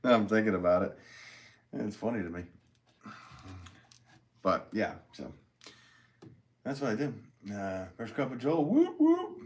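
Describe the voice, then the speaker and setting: A man's voice: fairly low pitch, unhurried, long pauses. A male potter chatting casually on a live stream from his studio, reading out viewer comments, rambling and easygoing with lots of fillers and frequent laughs. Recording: steady background noise in the room.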